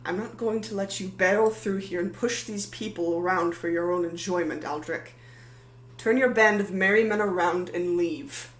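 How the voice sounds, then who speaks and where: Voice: medium pitch, a little fast, roomy sound, recorded from a distance, slight background noise, natural voice. A game master voicing a young townswoman who forces her voice to sound stern and defiant. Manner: sharp, trying to sound stern. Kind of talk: tabletop role-play voice.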